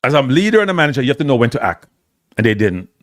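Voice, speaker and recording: A man's voice: medium pitch, big pitch swings, rapid-fire, no room sound, studio quality. A man with a Jamaican accent giving opinionated solo football commentary, hammering points home by repeating phrases and slipping into patois. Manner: emphatic, repeats phrases for stress, slips into patois.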